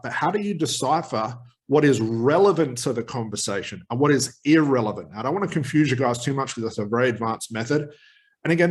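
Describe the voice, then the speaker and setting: A man teaching hypnotherapy technique straight to camera, energetic and emphatic, with quick asides. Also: medium pitch. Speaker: hypnotherapy trainer. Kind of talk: direct-to-camera teaching talk.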